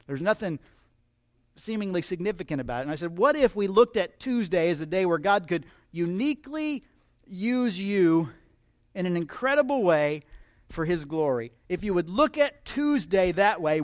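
In a dry, close recording with no echo, a male pastor with a fairly high voice delivers a relaxed, conversational sermon. He's humorous and keeps turning to his listeners with questions.

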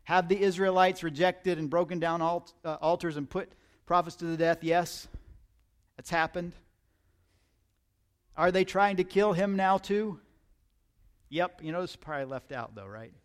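A man's voice: high voice, normal speed, pauses often. A man preaching a sermon in a conversational, emphatic way, often repeating words as he starts a thought. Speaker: pastor.

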